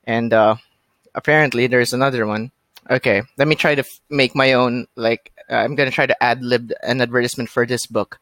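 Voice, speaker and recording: A man hosting a podcast in casual chat, talking in a halting way with many fillers and restarts. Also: medium pitch, steady tone, fairly bright tone, no echo. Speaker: podcast host.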